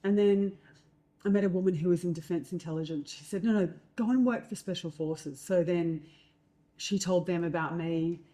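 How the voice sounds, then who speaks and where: A middle-aged Australian woman, speaking as a guest in conversation, spins her story with plenty of fillers and acted-out quotes. Her voice sits a little low and sounds warm and mellow. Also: normal speed.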